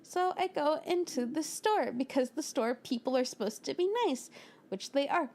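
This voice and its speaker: A young woman from the United States, telling a storytime over a speedpaint in an animated way. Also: sits high, moderate pace. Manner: animated, acts out quoted lines with little voices and laughs. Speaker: storytime narrator.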